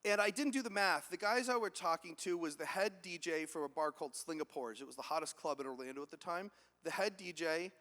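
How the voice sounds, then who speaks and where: High-energy man on stage in an echoey hall. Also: a bit bright. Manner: high-energy, acts out quoted voices, questions the audience. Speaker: keynote speaker. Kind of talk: motivational keynote. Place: large event hall with audience.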